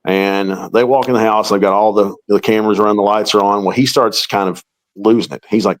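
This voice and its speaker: A man's voice: fairly low pitch, fairly even intonation, fairly quick, low-quality recording. A middle-aged man, a paranormal investigator, telling a long story in an interview and acting out the quoted dialogue.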